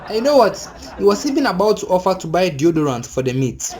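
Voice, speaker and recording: A young Ghanaian man with a Ghanaian accent telling a comic story, animated and exclaiming, with laughing asides. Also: high-pitched, quick pace, few pauses. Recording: crowd chatter and noise behind.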